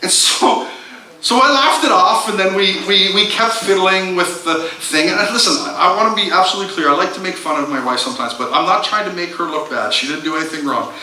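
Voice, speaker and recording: Self-mocking pastor in an echoey church. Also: male voice, high voice, brisk, pushed and bright, slight background noise. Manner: self-mocking, humorous storytelling with many restarts. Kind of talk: sermon with a personal story. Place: church sanctuary. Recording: roomy church sound from a distance.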